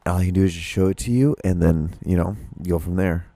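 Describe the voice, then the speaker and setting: Casting: male solo podcast host, low and very dark voice, loose rambling delivery with frequent restarts, close dry recording. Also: brisk, vocal fry, no room sound. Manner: rambling, many restarts and swearing. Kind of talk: casual solo monologue.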